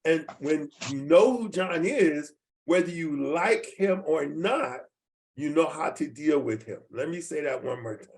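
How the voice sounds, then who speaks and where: A man in his seventies runs a team training over a video call, speaking in a folksy and repetitive way and often asking whether everyone follows him. His voice sits a little high for a man. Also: measured pace. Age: 70s. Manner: folksy, repeats points, asks the audience questions.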